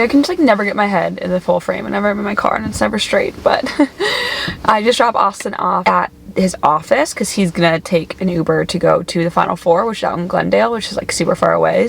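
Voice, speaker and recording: A woman's voice: medium pitch, fast, gravelly. A woman in her twenties chatting casually to camera as a lifestyle vlogger, saying "like" a lot and laughing often. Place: home closet, later her car.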